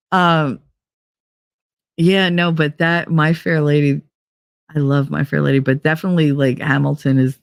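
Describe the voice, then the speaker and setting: A woman's voice: deep voice, no room sound, studio quality. A woman hosting a podcast in a rambling, chatty way, laughing often and swearing casually. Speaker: podcast host. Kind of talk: casual chat.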